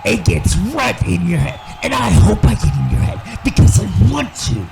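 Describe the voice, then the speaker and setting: Male actor as vengeful evil clown wrestler: rough fry-heavy voice, slightly high, yelling promo threats over clear background music. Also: very animated, takes it slowly, heavily acted, poor audio. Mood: threatening. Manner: yells threats, swings between brooding and shouting. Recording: music playing clearly behind.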